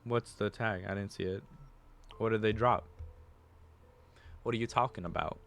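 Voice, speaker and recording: A man's voice: on the low side, moderate pace, gravelly, a bit bright. A male streamer chatting casually with his viewers, rambling through restarts and fillers.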